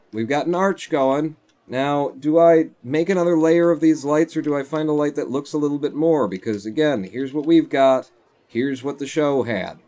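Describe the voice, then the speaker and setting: A man's voice: medium pitch, a little mellow. Guy rambling on his stream from home, chatty, meandering stories. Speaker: live streamer. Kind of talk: casual live-stream chat while playing.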